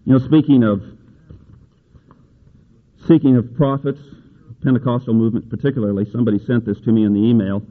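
A man preaching a sermon in a folksy, conversational way, reading scripture aloud and climbing to an emphatic pitch on key verses. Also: fairly even intonation, brisk, long pauses. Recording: tinny phone-like sound.

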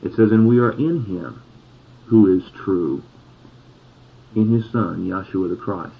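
A man preaching a sermon, reading scripture slowly and pausing on key words for emphasis. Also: sits low, gravelly, slight background noise. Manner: slow, deliberate scripture reading with emphatic pauses. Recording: tinny phone-like sound.

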